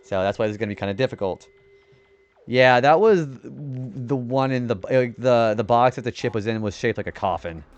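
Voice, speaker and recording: Young male streamer with a clear, smooth nerdy voice, rambling chat and frequent swearing while he plays. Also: mid-range voice, fairly quick, highs cut off. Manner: rambling, swears often when frustrated; self-described nerdy voice. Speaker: game streamer. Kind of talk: casual gaming stream chat.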